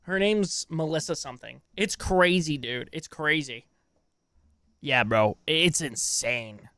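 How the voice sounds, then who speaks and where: A man's voice: fairly high pitch, slow, dry recording, studio quality. A young adult man streaming live and reacting to online drama in casual, swearing chat. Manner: casual, swearing, reacts loudly, laughs often.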